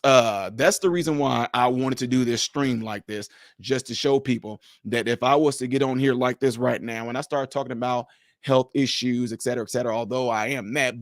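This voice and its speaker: A man's voice: medium pitch, no echo, studio quality. A man hosting a casual livestream for viewers, speaking emphatically with a preacher-like delivery. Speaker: livestream host.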